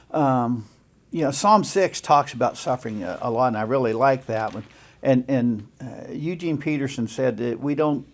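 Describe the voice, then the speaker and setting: A man's voice: medium pitch, a little mellow. A man pastor co-hosting a Bible study podcast, speaking reflectively with frequent restarts.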